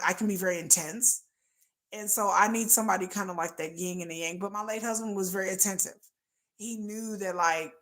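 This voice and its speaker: A woman hosting a casual livestream, talking candidly and bluntly and laughing often. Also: medium pitch. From United States. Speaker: livestream host.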